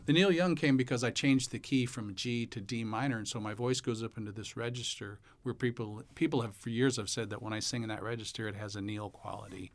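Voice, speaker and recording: A man's voice: mid-range voice, a little fast, few pauses, no room sound. A man, a songwriter and musician, talking casually in an interview about how he wrote a song, now and then singing a line to show what he means. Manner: relaxed storyteller, breaks into song to illustrate. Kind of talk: casual interview talk with sung snippets.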